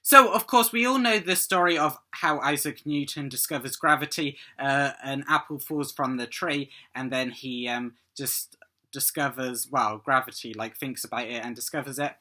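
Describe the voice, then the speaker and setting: A man's voice: medium pitch, normal speed, pushed and bright. A man hosting a casual episode breakdown video, talking hesitantly with frequent ums. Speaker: fan video host.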